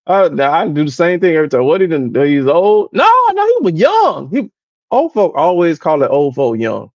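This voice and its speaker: A man's voice: a little high, big pitch swings, moderate pace, a little mellow, dry recording, dull audio. A man co-hosting a casual podcast chat, telling stories animatedly, doing impressions of his relatives and laughing often. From American South. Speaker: podcast co-host.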